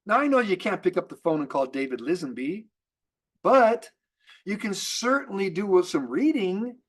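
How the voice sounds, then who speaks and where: A man with a high-pitched voice delivers an upbeat business training. He fires off rhetorical questions and often stumbles and restarts, repeating key words for emphasis. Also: normal speed. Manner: energetic, repetitive, with rhetorical questions and frequent restarts. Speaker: network marketing trainer. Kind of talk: motivational business training talk.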